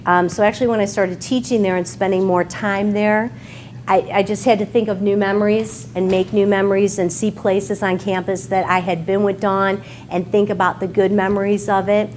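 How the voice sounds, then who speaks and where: A woman's voice: medium pitch, flat delivery, normal speed, a little mellow, slight background noise. A woman author with an American Midwest accent gives a heartfelt, emotional talk to an audience at a bookstore signing, at times near tears. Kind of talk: emotional speech at a book signing. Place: bookstore event room with an audience.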